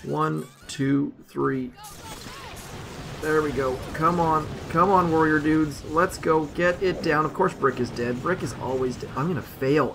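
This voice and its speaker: A man commentating over his own mobile strategy gameplay, rambling casually and mocking his own mistakes, with sudden excited outbursts. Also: on the high side, unhurried, gravelly, noisy background. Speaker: gaming commentator.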